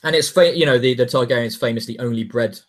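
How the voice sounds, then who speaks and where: A man co-hosting a podcast in casual chat, animated and jokey, talking in quick bursts. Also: medium pitch. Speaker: podcast co-host.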